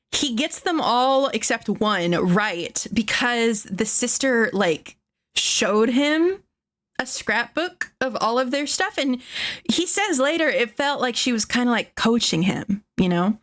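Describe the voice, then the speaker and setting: Chatty woman streamer with a higher voice. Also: lively intonation, unhurried, fairly bright tone. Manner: rambling, full of fillers and profanity, laughs often. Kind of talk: casual storytelling chat.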